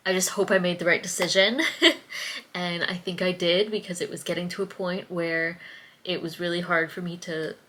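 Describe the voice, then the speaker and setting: A woman's voice: on the low side, flat delivery, normal speed, sharp tone. A young adult woman talking casually to camera in a diary vlog, chatty, full of "like" fillers and small laughs. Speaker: vlogger.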